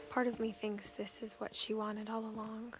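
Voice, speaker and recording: A woman voicing a soft-spoken, pregnant young woman who narrates a video game in a hushed, breathy whisper, as a whispered role-play. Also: a little high, level tone, moderate pace, music in the background, lightly acted. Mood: wistful. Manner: reflective, quiet storytelling. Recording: recording with clear background noise.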